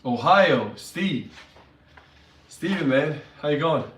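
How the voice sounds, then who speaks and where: A man's voice: medium pitch, normal speed, a little hiss or hum. A man chatting casually on a livestream, upbeat and greeting viewers by name. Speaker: fitness vlogger. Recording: echoey room, mic at a distance.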